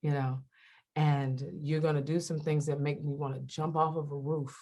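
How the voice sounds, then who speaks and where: A woman's voice: low voice, slow pace. A middle-aged woman, a radio host and comedian, chatting candidly as an interview guest and acting out the voices of people she quotes. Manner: animated storyteller who acts out quoted voices. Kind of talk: candid faith interview chat.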